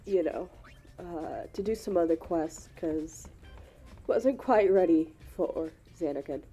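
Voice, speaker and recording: A woman with a cold speaks slowly in a mellow, low-pitched voice, congested and sniffly. She hosts casual gameplay commentary, rambling and apologizing, full of "uh"s and "um"s. Faint music plays behind her. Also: breathy edge. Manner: apologetic, rambling with many fillers. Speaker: gaming channel host.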